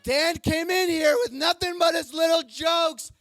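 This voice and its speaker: Crude, excitable man recapping roast battles. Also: very high voice, a little slow. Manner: crude, excitable, jokey, swings into shouts. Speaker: comedy show bishop recapping fights. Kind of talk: rowdy comic recap. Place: comedy club stage.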